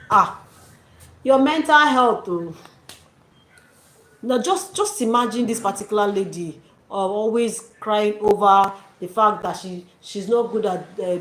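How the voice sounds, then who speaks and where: A woman giving her viewers casual, preachy motivational advice and calling them dearies. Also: mid-range voice. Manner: encouraging, preachy, addresses viewers as dearies and sis. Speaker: YouTube channel host. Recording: echoey room with faint noise.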